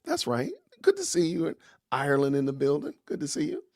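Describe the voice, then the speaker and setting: A man's voice: a little high, huge pitch swings, a little fast, vocal fry, darkish tone, dry recording, studio quality. A man hosting a casual livestream podcast, greeting viewers with slangy, upbeat phrases and introducing his guest. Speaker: podcast host.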